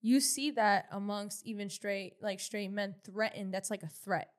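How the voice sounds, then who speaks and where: A woman co-hosting a casual commentary podcast, talking in an animated, slangy way with many restarts. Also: medium pitch, unhurried. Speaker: podcast co-host.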